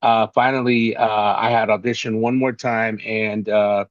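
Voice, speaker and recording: A man being interviewed, telling long anecdotes in a casual, animated way and acting out the voices of the people he quotes. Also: on the low side, moderate pace, no echo, lo-fi sound. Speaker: actor and interview guest.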